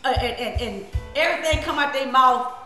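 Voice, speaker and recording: A woman minister hosting a casual live stream, laughing often and giving lively preachy asides to her viewers. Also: sits high, a little fast, reverberant, faint music behind.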